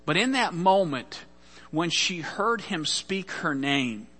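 A man's voice: a little high, expressive, slow, sharp tone, breathy edge, big-room sound. A man preaching a sermon, telling a scripture story earnestly and often repeating words as he goes. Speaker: pastor.

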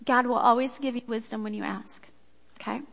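A woman giving a sermon with a personal story, in a chatty, animated way that acts out quotes. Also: on the high side, brisk, gravelly. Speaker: speaker at a church gathering. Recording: echoey hall.

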